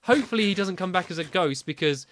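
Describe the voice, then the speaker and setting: A man giving casual Minecraft let's-play commentary, excitable, breaking into yelps and squeals when panicked. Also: high voice, quick pace. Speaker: gaming video host.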